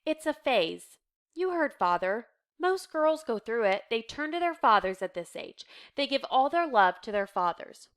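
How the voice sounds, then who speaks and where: A woman's voice: on the high side, very animated, unhurried, smooth. A woman voicing a soothing older teenage sister in a reassuring read.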